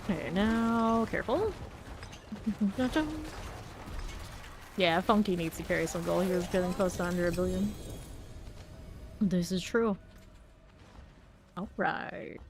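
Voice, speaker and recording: Speaking slowly and with frequent pauses in a fairly low voice, this woman chats casually with her viewers while streaming a game. She laughs a lot and reads their messages aloud over faint background noise.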